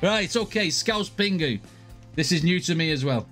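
A man's voice: high-pitched, animated, normal speed, over music. A man from north-west England, hosting a reaction video, laughing a lot and explaining slang to his viewers. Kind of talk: casual reaction commentary.

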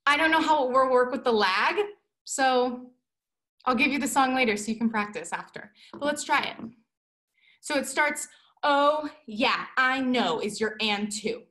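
A young woman leads a dance class over a video call, her high voice bouncing around a roomy space. She is playful and energetic, calling out counts as she teaches. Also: normal speed. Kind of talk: online dance class instruction. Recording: roomy echo.

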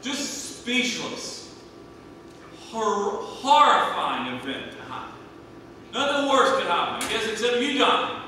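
A man in his thirties preaching a sermon, swinging between hushed and loud, emphatic delivery. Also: extremely high pitch, sing-song, takes it slowly, a little hiss or hum. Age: 30s. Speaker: pastor. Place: church sanctuary. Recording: echoey church hall from a distant mic.

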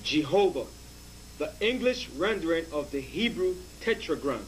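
A man's voice: fairly high pitch, sing-song, normal speed, a little hiss or hum, low-quality recording. Hesitant man reading aloud. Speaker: assistant reading from reference books.

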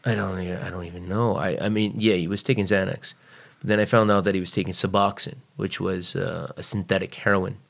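A man's voice: low-pitched, little pitch movement, fairly quick, creaky, hardly any pauses, fairly bright tone. A man guest on a podcast, telling a personal story casually and bluntly, swearing freely. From United States.

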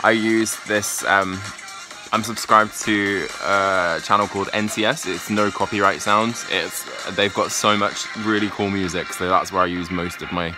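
Deep-voiced chatty man. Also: fairly even intonation, unhurried. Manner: chatty and upbeat, rambling with restarts. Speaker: vlogger. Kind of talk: casual vlog chat. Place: out and about in a city, on streets and indoors. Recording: background music playing loudly.

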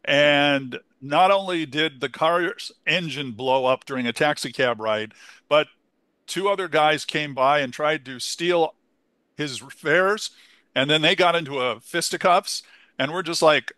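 A man's voice: fairly high pitch, moderate pace, sharp tone, dry recording. A man co-hosting a car podcast, chatting casually with enthusiastic, playful asides. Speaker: podcast co-host.

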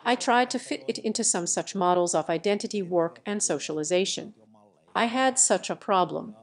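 A woman's voice: medium pitch, normal speed. Woman reading a translated lecture.

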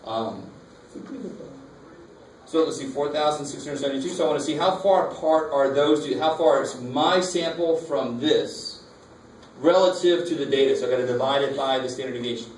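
A man's voice: mid-range voice, normal speed, darkish tone. A man teaching a math lecture, talking casually and asking the class questions. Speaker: math instructor. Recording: echoey classroom from far off, faint noise.

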